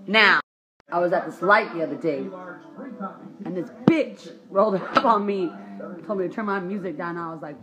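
A woman's voice: low-pitched, moderate pace, music in the background, low-quality recording. Exasperated young woman ranting in car. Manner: swearing, exasperated, animated retelling. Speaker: vlogger. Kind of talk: indignant profane rant. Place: parked car.

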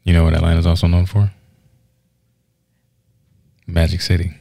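A man with a very deep, gravelly voice chats casually on a podcast. He teases his co-host and jokes around. The sound is dry and close. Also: flat delivery, normal speed, dark tone, no room sound. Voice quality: gravelly, low. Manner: teasing, joking banter. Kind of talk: casual chat.

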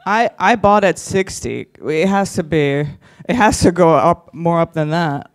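A man's voice: fairly high pitch, lively intonation, unhurried. A man doing stand-up crowd work on a conference stage, brash and teasing, swearing freely as he ribs the audience. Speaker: stand-up comedian.

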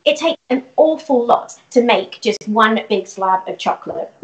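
A woman's voice: fairly high pitch, animated, unhurried. A woman presenting an upbeat home science demonstration, explaining step by step with casual fillers. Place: home kitchen. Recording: roomy, dull home recording.

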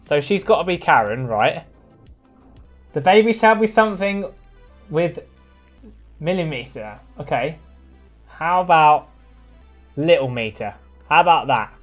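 A man's voice: a little high, expressive, measured pace, pauses often. A young man, casually chatting and joking with viewers while drawing. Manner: joking, swears freely, chats with viewers. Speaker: streamer drawing with chat. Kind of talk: casual live-stream chat. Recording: faint background music.

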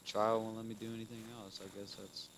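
A man hosting a gaming video, commenting casually as he plays, calling out "dude" often and swinging between muttering and loud frustrated outbursts. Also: fairly low pitch, little pitch movement, brisk, noisy background. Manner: casual, keeps saying "dude". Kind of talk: let's play commentary.

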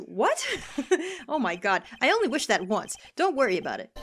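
A woman hosting a let's play, giving excitable, exclamatory commentary full of gasps and little asides of "darling". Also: high-pitched, normal speed, faint music behind. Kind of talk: reactive gameplay commentary.

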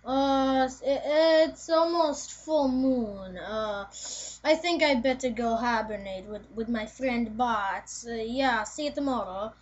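A girl putting on a slow, hesitant Dracula. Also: fairly high pitch, lo-fi sound, a little hiss or hum. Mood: goofy. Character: bumbling male Dracula vampire.

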